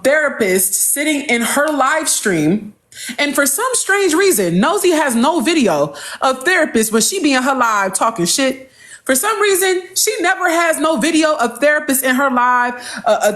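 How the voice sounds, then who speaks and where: A high-voiced woman rants on a livestream. She is confrontational, firing off the same rhetorical questions again and again at her critics. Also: fairly bright tone. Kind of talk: heated livestream rant.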